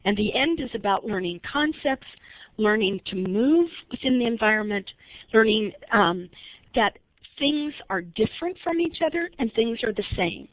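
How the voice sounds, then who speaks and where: A woman's voice: a little high, animated, moderate pace, no room sound. A woman leading a recorded webinar training, talking conversationally and asking her audience questions. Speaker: early intervention trainer. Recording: tinny phone-like line, dry.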